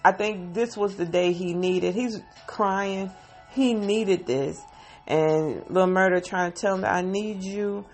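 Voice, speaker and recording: A woman's voice: fairly low pitch, measured pace, soft background music. Emotional woman recapping a TV episode. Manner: emotional, sighing, heartfelt retelling. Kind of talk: casual spoken episode recap. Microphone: phone.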